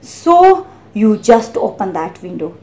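A woman's voice: medium pitch, sing-song, slow, darkish tone. A woman reading as an earnest, touchy little boy. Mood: worried. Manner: pleading, insistent, a bit rude. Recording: roomy echo.

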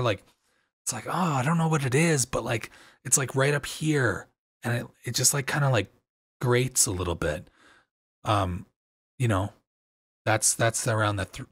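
A man with a slight crunch in his voice, explaining audio software in a casual, loose tutorial with plenty of fillers, into a dynamic microphone. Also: medium pitch, slightly rough, dry recording, studio quality.

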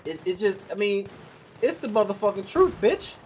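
A man's voice: high-pitched, big pitch swings, moderate pace, darkish tone, slight background noise. A young man ranting bluntly and profanely while commenting on his own gameplay. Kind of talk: live gameplay commentary rant.

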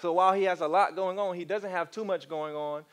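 Man preaching, fairly high voice, animated storyteller who keeps coaxing the crowd. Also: a little fast, clean tone. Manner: animated storytelling, coaxes the congregation. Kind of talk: sermon.

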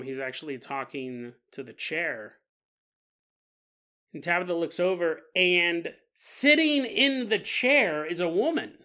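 Guy hosting a spooky podcast, high bright voice, cracking jokes as he retells a story. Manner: joking, laughing asides, animated. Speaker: podcast host. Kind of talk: comic retelling of a paranormal story.

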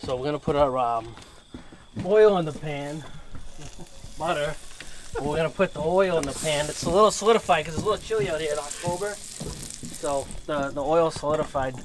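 A man's voice: fairly high pitch, moderate pace, long pauses, slight background noise. A man with a Massachusetts accent cooking at an outdoor grill, cracking dad jokes as he goes. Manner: joking, self-mocking dad jokes. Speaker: cook. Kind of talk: casual cooking chat.

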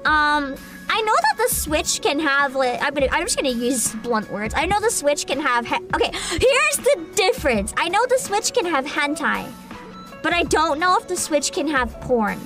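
Woman streamer, casual gaming chat, bright high voice, excitable and giggly. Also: normal speed, soft background music. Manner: excitable, giggly, swears freely. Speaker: VTuber streamer.

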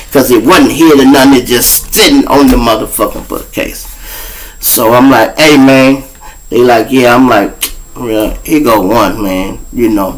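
A man's voice: on the low side, rough recording. A man hosting his show, telling a story in a casual, profane way and speaking straight to his audience. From Chicago. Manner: profane, keeps addressing the audience as y'all. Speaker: show host.

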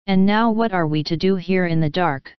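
A woman's voice: fairly low pitch, normal speed, smooth, dry recording, natural voice. A woman voicing a frightened wooden marionette boy who sobs and pleads, in a storybook reading. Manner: sobbing, pleading. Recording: slightly muffled, dry.

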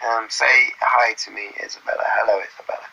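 A man's voice: mid-range voice, fairly even intonation, fast, vocal fry, sharp tone, rough recording. A young man with a Bristolian accent, casually chatting on a live stream and playfully thanking viewers. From England. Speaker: livestream host. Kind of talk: casual livestream chat.

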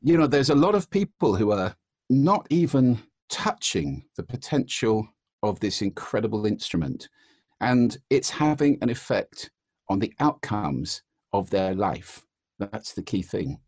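A man's voice: on the low side, very animated, measured pace, a little mellow, husky, dry recording, clean studio sound. A man answering interview questions about the voice, explaining and demonstrating voice techniques. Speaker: voice expert guest.

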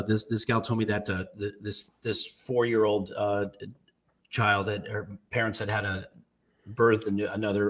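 A man in his late fifties co-hosting a podcast, speaking haltingly with many restarts and close to tears. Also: lowish voice, a bit bright, distant mic. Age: 50s. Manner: halting, many restarts, tearing up as he tells a story. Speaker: podcast co-host. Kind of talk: casual podcast chat.

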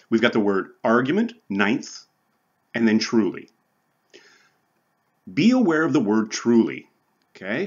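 A man's voice: mid-range voice, husky, muffled recording. A man teaching a recorded college English lecture in a conversational way, often checking in with "right?" and "okay?" and chuckling now and then. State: sweating from the heat. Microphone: recording for online viewers.

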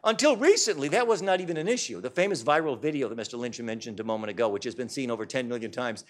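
A man's voice: medium pitch, expressive, fast talker. A man giving a public talk to a live audience in a hall, speaking in an emphatic, insistent way.

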